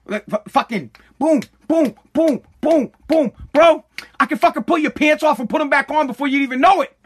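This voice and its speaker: A man's voice: very high-pitched, fast. A middle-aged man telling a casual story and ranting, swearing constantly and cutting himself off mid-sentence. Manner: swears constantly, animated, self-interrupting. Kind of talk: casual profane storytelling rant.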